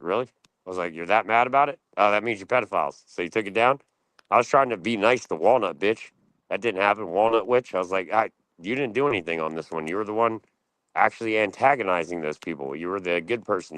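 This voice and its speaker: A man's voice: lowish voice, fairly bright tone, dry recording, rough recording. A man streaming, ranting casually in a blunt, profane and boastful way.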